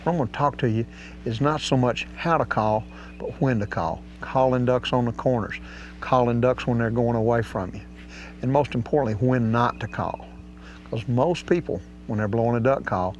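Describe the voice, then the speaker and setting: Here's a folksy, drawling man explaining how to call ducks, his grammar loose and casual, his pitch medium and his speed normal. The outdoor hunting lesson comes through slightly dull audio with a faint hum underneath.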